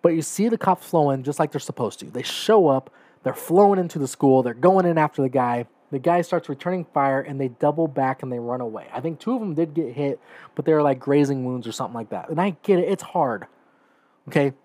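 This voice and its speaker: A man with a slightly raised pitch delivers opinionated podcast commentary in a dead-dry recording. He speaks emphatically, leaning on "right?" and "okay?", and builds to heated moments. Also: fairly quick, warm tone, no room sound. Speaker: podcast host.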